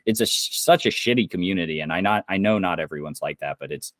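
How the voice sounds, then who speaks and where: Young man, low voice, dry close sound; heated swearing podcast rant. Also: lively intonation, fast talker, no room sound. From Indiana. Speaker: podcast co-host. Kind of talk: casual podcast chat.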